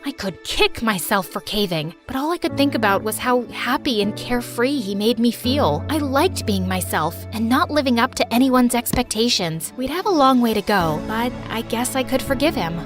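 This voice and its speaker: A woman's voice: fairly high pitch, expressive, moderate pace, hardly any pauses. Woman narrating a cartoon story over music. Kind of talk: first-person animated story narration.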